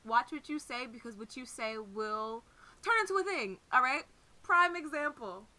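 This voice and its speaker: A young woman co-hosting a casual podcast, telling stories in an animated, laughing, profane way. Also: fairly high pitch, moderate pace. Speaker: podcast co-host.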